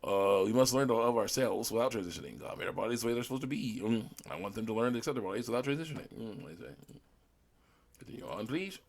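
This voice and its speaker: A man's voice: mid-range voice, racing, gravelly, hardly any pauses. A man hosting his own channel, reading viewer comments aloud and answering them in a rambling way, with many "mm" fillers and short laughs.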